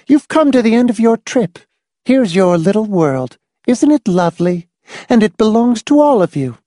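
A cool, controlling schoolteacher type, as a woman reads her, speaking with dry, dispassionate calm. The voice is mellow and dark, yet the pitch moves in lively curves. The recording is close and dry. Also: moderate pace, no room sound, lightly acted. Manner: dry, dispassionate, calmly insistent. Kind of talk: audiobook dialogue reading.

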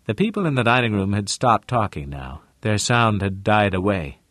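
A man narrating a novel in a measured, steady storytelling manner. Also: fairly low pitch, no echo, studio quality. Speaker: audiobook narrator. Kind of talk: scripted narration.

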